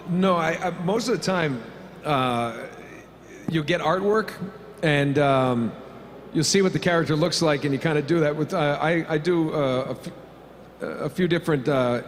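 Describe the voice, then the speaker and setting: A man's voice: a little high, moderate pace. Joking man in an echoey convention hall. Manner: rambling, jokey, many fillers. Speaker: voice actor panelist. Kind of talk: convention panel Q&A answers. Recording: reverberant convention hall, faint hum.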